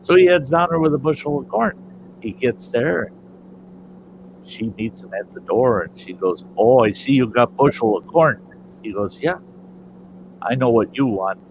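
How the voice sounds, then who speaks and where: A man hosting a relaxed chat and spinning a joke, slipping into the voices of his characters as he goes. His voice sits at an ordinary middle pitch. The recording is a little dull and muffled, with a faint hiss underneath. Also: moderate pace, pauses often. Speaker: host. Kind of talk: telling jokes in casual chat. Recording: slightly dull, muffled sound.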